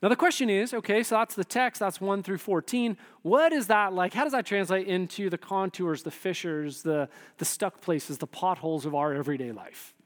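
A man with a high voice preaches a sermon in a casual, animated way. He swings from loud to hushed when he voices quotes. The sound carries a long reverb, as in a large hall. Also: moderate pace, few pauses. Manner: conversational, animated, voices quotes with sudden shifts in loudness. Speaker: pastor.

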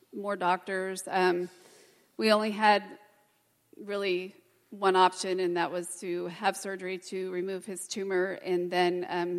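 A middle-aged woman sharing a personal testimony in church, hesitant and full of pauses. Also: mid-range voice. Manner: hesitant, many pauses and fillers. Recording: long hall reverb.

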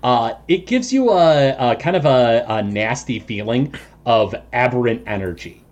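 A man's voice: mid-range voice, animated, unhurried, darkish tone, highs cut off. A man running a tabletop game as game master, describing the scene with frequent chuckles and filler words. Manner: chuckles often, many ums and restarts.

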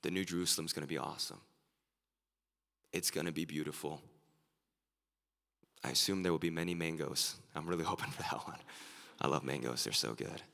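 A man preaching an earnest sermon as a pastor, his voice turning excited and emphatic at times. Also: a bass voice, fairly quick, gravelly, pauses often. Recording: live sermon with long hall reverb.

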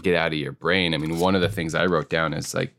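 A man's voice: low voice, fairly even intonation, fast talker, a bit bright, no echo. A man co-hosting a podcast, reflecting self-critically on a past improv show with many casual fillers. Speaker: co-host, improv performer.

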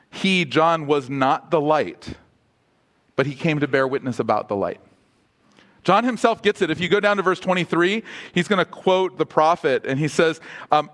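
A man with a fairly high voice preaches to his congregation. He keeps asking them questions and moves between lively, joking asides and slower, softer passages. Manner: humorous asides. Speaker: pastor. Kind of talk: sermon.

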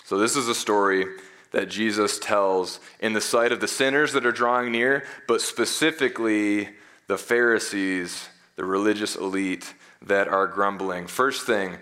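A man's voice: lowish voice, normal speed, bright, forceful tone. A man preaching a sermon as pastor, reading scripture and explaining it with casual, conversational asides.

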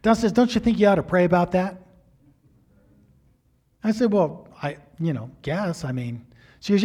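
A middle-aged male pastor telling a personal story in a sermon, animated, acting out the quotes with big swings in loudness. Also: high voice, moderate pace, pauses often, husky.

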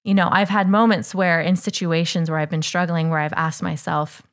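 A woman with a notably low voice talks in a thoughtful, reflective way. She often leans on casual fillers as she works through an idea. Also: flat delivery, normal speed, few pauses. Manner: thoughtful, uses fillers like "you know" and "like". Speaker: podcast co-host. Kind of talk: reflective faith conversation.

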